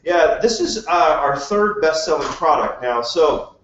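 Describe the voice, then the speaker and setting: High-voiced man pitching to a live room. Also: expressive, unhurried, fairly bright tone, a little hiss or hum. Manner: joking, chatty, asks the crowd questions. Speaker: presenter at a live business meeting. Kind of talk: casual sales pitch to a live audience. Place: meeting room with a live audience. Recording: echoey room, distant mic, dull sound.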